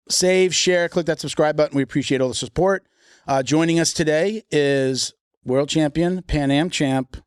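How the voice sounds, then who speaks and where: A man's voice: a little high, smooth, dry recording. Chatty man hosting a podcast, dry sound. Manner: chatty, joking, rambling with restarts. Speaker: podcast host. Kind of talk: casual podcast chat.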